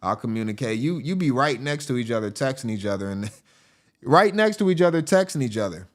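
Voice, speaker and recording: A man hosting a show, giving casual, joking commentary over video clips in an animated way and often laughing. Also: mid-range voice, fairly quick. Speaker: host.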